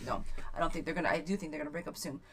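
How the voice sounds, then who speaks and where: A woman's voice: low-pitched, very fast, a bit bright. A woman reading tarot on a live stream, chatting casually, repeating viewers' questions aloud and stumbling over her words. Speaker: tarot reader.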